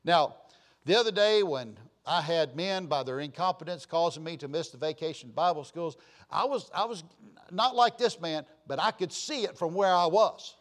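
A man with a high voice preaches a sermon from the pulpit. He repeats his phrases for emphasis and swings from quiet asides to sudden loud bursts, in a folksy manner. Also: moderate pace. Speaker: pastor.

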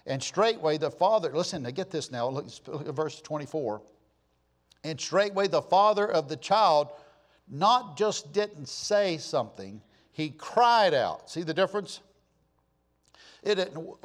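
Preaching with a higher-than-average, expressive voice, an older pastor takes his time. His sermon shifts from relaxed storytelling into fervent, emphatic exhortation, rising to impassioned cries.

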